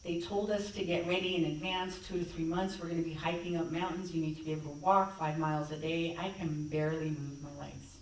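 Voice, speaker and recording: Woman guest speaker, lower voice, conversational storyteller, heard from a distance in a very echoey sanctuary. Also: fairly even intonation, quick pace, hardly any pauses, slight background noise. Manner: conversational, reenacts dialogue. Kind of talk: personal storytelling talk. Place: church sanctuary. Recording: echoey hall, distant mic.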